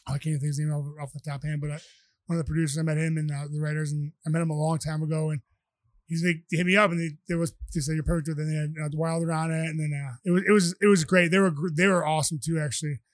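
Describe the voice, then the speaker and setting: A man's voice: on the high side, flat delivery, rapid-fire, no echo. A man, a podcast guest telling rambling stories with many restarts. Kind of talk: casual storytelling.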